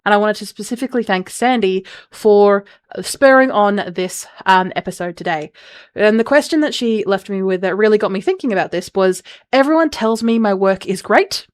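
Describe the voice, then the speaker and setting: A woman hosting a solo podcast on personal branding, candid and chatty with frequent asides. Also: mid-range voice. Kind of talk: casual solo podcast talk.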